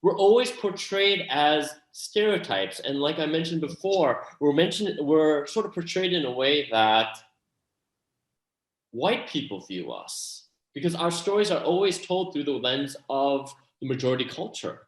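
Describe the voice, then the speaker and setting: A man, an actor and playwright, giving earnest, animated answers in an interview, with many restarts and asides. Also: a little high, a little slow, roomy sound, poor audio.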